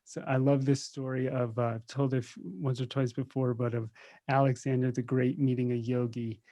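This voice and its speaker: A man's voice: mid-range voice, little pitch movement, normal speed, warm tone. A man, a meditation teacher, telling stories in a casual interview, joking and laughing often. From United States. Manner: joking, laughs often, acts out quoted voices. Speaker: meditation teacher, podcast guest. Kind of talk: casual conversational storytelling.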